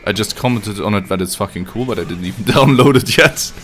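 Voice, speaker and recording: A man's voice: on the low side, brisk, a bit bright, faint music behind. A man streaming a video game live, joking and swearing as he chats to his viewers in casual commentary. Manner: joking and profane, chatting to viewers. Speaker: livestreamer playing a video game.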